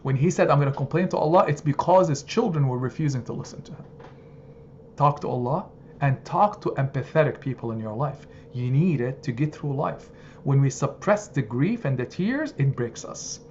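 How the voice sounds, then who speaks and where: A man giving a heartfelt religious lesson to a study circle, expressive and rising to emphatic peaks. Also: moderate pace. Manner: expressive, builds to emphatic high points. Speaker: religious teacher. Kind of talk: sermon-style study circle talk. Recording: slightly dull sound, faint background noise.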